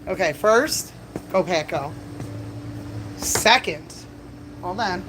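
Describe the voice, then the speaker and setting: A bartender livestreams from inside a bar, chatting casually and rambling through stories between laughs and coughs. Her voice is on the low side, animated, a bit bright, and unhurried, with slight background noise.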